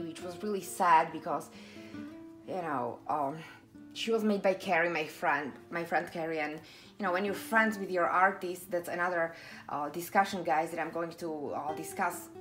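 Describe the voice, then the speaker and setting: Chatty woman doll collector, lower voice. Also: fairly bright tone. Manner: chatty, emotional, many restarts and fillers. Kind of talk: casual chat to camera.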